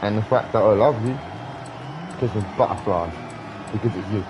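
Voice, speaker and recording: British man, fairly low voice, rambling, earnest, sweary, faint background hum. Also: moderate pace. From Britain. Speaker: streamer. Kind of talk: casual live-stream chat.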